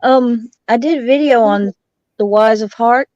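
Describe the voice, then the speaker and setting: Woman, fairly high voice, unhurried, giggly, dry close sound. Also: no room sound, muffled recording. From Alabama. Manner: giggly, relaxed. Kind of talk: casual chat.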